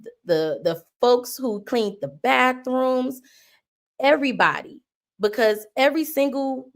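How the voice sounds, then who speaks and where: Livestream host, woman, slow preacherly delivery, emotional and homey. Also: medium pitch. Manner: homey and emotional, slipping into churchy cadence. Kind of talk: mock funeral tribute on a livestream.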